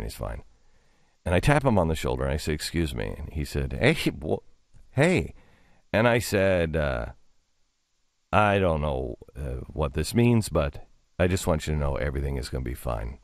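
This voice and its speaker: A middle-aged man hosting a radio talk show, telling a story in a rambling, halting way with many restarts. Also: no echo, studio quality. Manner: rambling, halting with many restarts, drops low for quoted asides. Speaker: radio host. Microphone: studio microphone.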